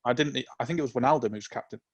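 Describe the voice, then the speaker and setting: A man co-hosting a casual football podcast, giving relaxed, opinionated takes. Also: medium pitch, vocal fry, slightly rough. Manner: relaxed, opinionated, drawn-out reasoning. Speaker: podcast co-host.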